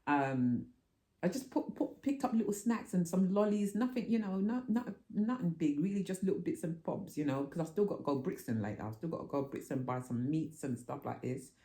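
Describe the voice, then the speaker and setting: A middle-aged woman, chatting to camera in a vlog and telling stories animatedly and indignantly, her pitch jumping high when she gets worked up. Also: animated, brisk, dark tone, roomy sound. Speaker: vlogger. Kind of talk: casual chat to camera. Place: room at home.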